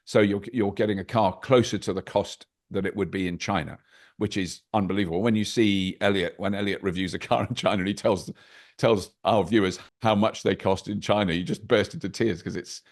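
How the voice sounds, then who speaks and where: Lively older man with a low voice. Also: brisk. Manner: animated, anecdotal, with wry asides. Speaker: podcast guest. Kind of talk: casual interview chat. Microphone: video call.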